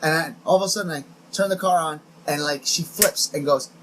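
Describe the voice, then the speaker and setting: A man co-hosting a podcast, telling a dating story in a casual, animated way and acting out the quotes with laughter. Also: fairly high pitch, brisk, background noise. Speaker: podcast co-host.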